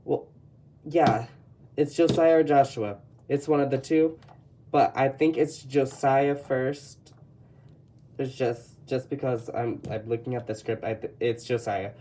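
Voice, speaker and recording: Mellow-voiced Texan, rambling casual chat. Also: mid-range voice, a little slow, a little hiss or hum. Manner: rambling, self-correcting, chatty. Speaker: artist showing a sketchbook. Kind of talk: casual commentary.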